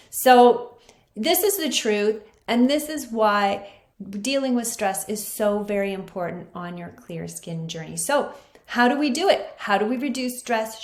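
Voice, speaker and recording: An earnest woman explains health ideas in a steady teaching voice. She stresses her main points and repeats them. The room around her adds a noticeable echo. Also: medium pitch. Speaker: naturopathic doctor hosting a skin health show. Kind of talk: teaching monologue. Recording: roomy echo.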